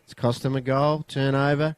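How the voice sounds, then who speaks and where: A man's voice: medium pitch, moderate pace, clear, resonant tone, no echo. Australian man giving easygoing match analysis. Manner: relaxed, hesitant analysis with fillers. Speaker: expert commentator. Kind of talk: sports commentary analysis.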